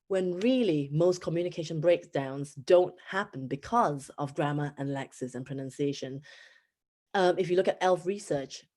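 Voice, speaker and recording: Woman, Singaporean accent, thirties, English teacher, conference talk, animated storytelling. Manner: animated storytelling with pitch jumps.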